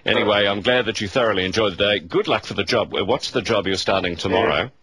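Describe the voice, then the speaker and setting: A genial Australian man hosts talkback radio from a studio mic. His voice sits very low yet rings bright and forceful. He rambles warmly through his sentences, stalling on hesitations before finding his words. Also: quick pace. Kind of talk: casual chat with callers.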